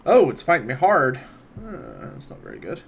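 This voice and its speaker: A man narrating a tabletop game as game master, relaxed, with frequent fillers. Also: mid-range voice, normal speed, vocal fry, slight background noise.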